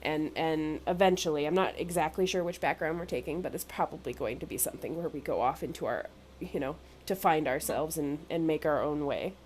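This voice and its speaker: A woman player talking casually about her character, halting and restarting often. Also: deep voice, a little mellow, a little hiss or hum. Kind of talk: casual tabletop game chat.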